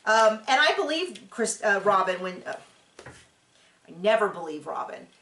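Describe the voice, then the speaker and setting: In an echoey room, a woman hosts a casual reality-TV recap, chatty, opinionated and rambling with plenty of fillers. Her medium-pitched voice is sing-song, pushed and bright, moving at a moderate pace.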